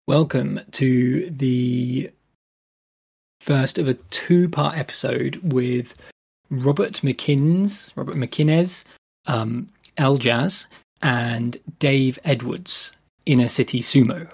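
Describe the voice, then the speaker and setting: A man's voice: mid-range voice, slow pace, creaky, slightly rough. A man hosting a podcast, introducing an episode in a rambling, self-deprecating way with many fillers. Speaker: podcast host.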